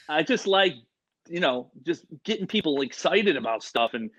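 A man telling stories as an interview guest, excitable and rambling, full of "like" and "you know". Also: a little high, a little slow, lo-fi sound. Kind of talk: casual storytelling.

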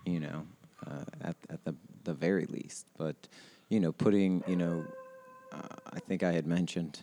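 Man, 30s, very low voice, loose rambling podcast host full of filler words. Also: steady tone, normal speed, mellow, slight background noise. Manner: rambling, heavy on fillers and restarts, laughs often. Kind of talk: casual chat. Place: outdoors.

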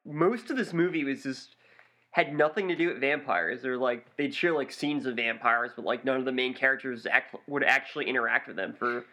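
A man's voice: medium pitch, fairly quick, pushed and bright. A man co-hosting a movie review podcast, rambling with many fillers in casual chat. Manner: rambling, lots of likes and ums.

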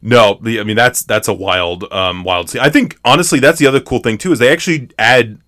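A man's voice: mid-range voice, brisk, a bit bright. A man co-hosting a casual film podcast, playful and jokey, breaking into sing-song asides. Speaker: podcast co-host. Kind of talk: casual chat about a film.

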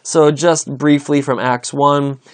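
A man preaching a sermon, reading scripture aloud and explaining it with animated, rising emphasis. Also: a little high, slow. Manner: reads scripture aloud with commentary. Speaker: pastor.

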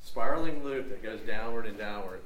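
A man's voice: lowish voice, normal speed, fairly bright tone, slight background noise. A man in a group discussion talking reflectively and a little hesitantly. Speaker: group member. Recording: echoey room from far off.

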